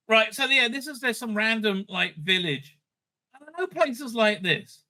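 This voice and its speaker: A middle-aged man, a rabbi, rambling through casual commentary in a profane, animated rant full of restarts and asides. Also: extremely high pitch, a little slow, noisy background.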